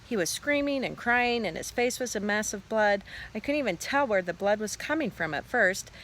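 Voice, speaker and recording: A woman teacher in a relaxed, chatty way reading a children's book aloud outdoors. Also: mid-range voice, moderate pace, a little hiss or hum, low-quality recording. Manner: relaxed, chatty, expressive reader.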